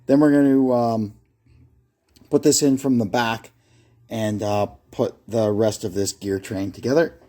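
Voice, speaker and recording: A low-leaning, steady, warm male voice narrates a casual workshop how-to on repairing a brake lathe. He works in his garage, thinking aloud and stumbling through fillers, while a propped phone camera nearby records.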